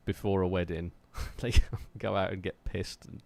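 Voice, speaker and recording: An English man talks to his live-stream chat in a slightly low voice. He rambles with plenty of fillers and restarts, but stays earnest and fired up as he urges listeners to keep pushing toward their creative goals. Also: fairly even intonation, normal speed, vocal fry, darkish tone, dry recording. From England.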